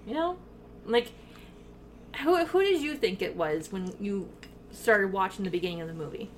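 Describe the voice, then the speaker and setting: A woman co-hosting a podcast in casual chat, talking in an animated way with lots of fillers and swearing, eating while she records. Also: mid-range voice, moderate pace, a little hiss or hum. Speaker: podcast co-host.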